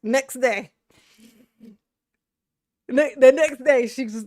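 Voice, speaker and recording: A woman's voice: high-pitched, slow pace, a little mellow, no echo. Sassy laughing woman host, dry sound. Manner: sassy, laughs often, blunt and profane. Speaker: commentary channel host. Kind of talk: casual reaction commentary.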